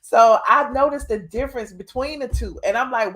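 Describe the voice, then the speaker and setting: A woman's voice: fairly high pitch, normal speed, low-quality recording. A woman hosting a live call-in show, chatting in a gossipy, slangy way. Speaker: livestream host. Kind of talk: casual live show chat.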